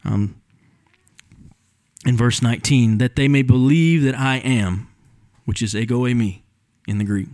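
A man's voice: medium pitch, unhurried, long pauses, darkish tone, no echo. A man preaching an expository sermon in a church, explaining the text in an earnest teaching way with frequent ums. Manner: earnest teaching, explains word meanings, many fillers. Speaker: pastor. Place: church sanctuary.

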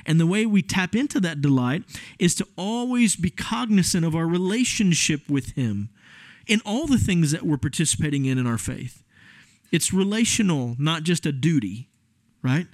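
A man delivers a sermon in a talky, emphatic way, turning to his listeners with quick asides. His voice sits a little high for a man. The recording is dry, with no room sound. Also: animated, dry recording. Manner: conversational, emphatic preaching with asides to the congregation. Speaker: pastor.

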